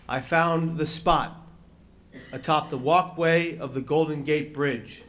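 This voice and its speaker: A man giving a speech as a panel speaker, telling a personal story with dramatic, slowed phrasing and touches of wry humor. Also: fairly high pitch, fairly even intonation, a bit bright.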